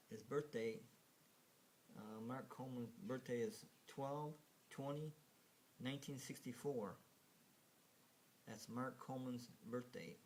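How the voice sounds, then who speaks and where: Slow, rambling man narrating casually. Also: mid-range voice, a little mellow, slight background noise. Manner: rambling, hesitant, with many fillers and restarts; chuckles at his own remarks. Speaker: video narrator. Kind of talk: casual slideshow commentary.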